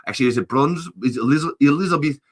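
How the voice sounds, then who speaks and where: A man's voice: fairly high pitch, fast talker. A man hosting a casual podcast chat, rambling and playful and laughing often. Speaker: podcast host.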